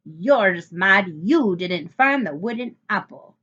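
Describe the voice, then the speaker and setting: A woman's voice: medium pitch, lively intonation, slow, bright, forceful tone, full character voice. A squealing, whiny little girl in a storybook, her voice swinging far up and down, as a woman reads her part. The sound is dull and lo-fi. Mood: excited. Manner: squealing, wailing. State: sobbing.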